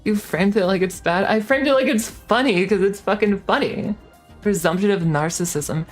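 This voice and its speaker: A woman's voice: medium pitch, moderate pace, soft background music. Heated young woman ranting on stream. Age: 20s. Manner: heated, swearing, many fillers and restarts. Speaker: VTuber streamer. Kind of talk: casual stream rant.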